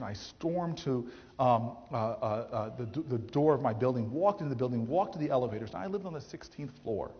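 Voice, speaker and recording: A man in his thirties, a mayor, telling a story to an audience in a speech, animated and acting out the people he quotes, with frequent restarts. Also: mid-range voice, slight background noise. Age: 30s. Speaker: mayor giving a campus speech. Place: large theatre hall. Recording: dull, roomy auditorium recording.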